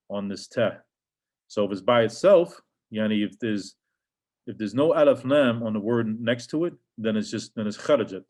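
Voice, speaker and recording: A man's voice: fairly low pitch, darkish tone. Patient man teaching Arabic grammar. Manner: patient, repeats words, reads Arabic sentences aloud then translates. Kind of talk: casual grammar lesson explaining textbook examples.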